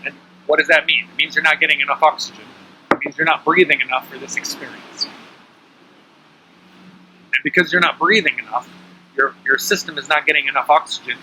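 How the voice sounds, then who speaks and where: A man's voice: medium pitch, pushed and bright, slight background noise, poor audio. A man teaching breathing awareness to a small group in a casual, coaching way, often checking in with his listeners. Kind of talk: casual instructional talk.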